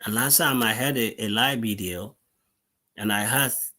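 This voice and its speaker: A man's voice: fairly low pitch, measured pace, bright, forceful tone. A middle-aged man from South Sudan with a South Sudanese accent, speaking as a war veteran to his followers in a live social media monologue. He talks earnestly and emphatically, often repeating words and restarting his sentences.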